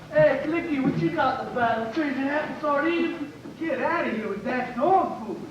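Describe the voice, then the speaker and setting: A man's voice: very high-pitched, normal speed, noisy background. A teenage boy playing a cocky greaser in a school stage show, putting on a hammy tough-guy accent. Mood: boastful. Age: teens. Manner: hammy and over the top. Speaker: high school actor. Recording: echoey dull hall recording from far off, music.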